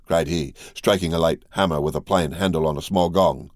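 A man with a notably deep, low voice reads a classic novel aloud at a steady, unhurried pace. The recording is close and completely dry, with no room around him. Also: dry recording. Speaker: audiobook reader. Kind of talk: scripted narration.

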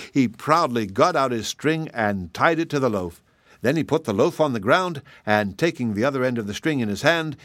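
A man reads a children's story aloud at a measured, expressive pace. His voice sits at a middle pitch. The recording is dry and close. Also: no echo. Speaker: storybook reader. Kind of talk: scripted storybook narration.

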